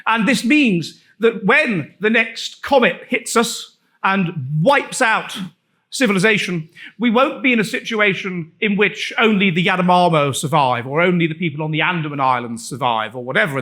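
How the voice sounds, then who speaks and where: Brief: high-pitched Englishman lecturing, sardonic, halting with restarts. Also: sharp tone. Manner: sardonic, with frequent restarts and fillers. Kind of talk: public lecture. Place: lecture room.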